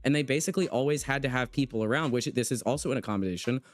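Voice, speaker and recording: A man's voice: medium pitch, very fast, no echo. Impassioned man hosting a livestream chat. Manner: emphatic and impassioned, reads out chat comments. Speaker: livestream host interviewing a guest. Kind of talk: casual livestream conversation.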